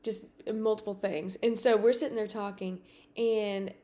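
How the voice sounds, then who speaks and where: A woman podcast host telling a personal story in a casual, animated way, with many fillers and acted-out dialogue. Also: mid-range voice, moderate pace.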